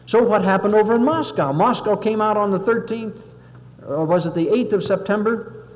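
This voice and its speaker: Brief: male speaker with a somewhat high voice, orating with emphasis in an old, dull-sounding 1961 recording with long hall echo. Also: moderate pace. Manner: emphatic, oratorical, acts out quotes. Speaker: political lecturer. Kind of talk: impassioned public speech.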